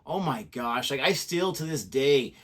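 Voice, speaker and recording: A man's voice: medium pitch, expressive, unhurried, fairly bright tone. A man co-hosting a reaction video in casual, rambling chat that trails off mid-thought, on a desk microphone. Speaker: reaction channel co-host. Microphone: desk USB microphone.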